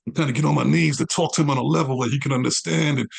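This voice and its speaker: Gravelly New man telling his story. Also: medium pitch, very fast. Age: 40s. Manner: animated storyteller who acts out quoted dialogue. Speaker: interview guest. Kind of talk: storytelling in a conversational interview.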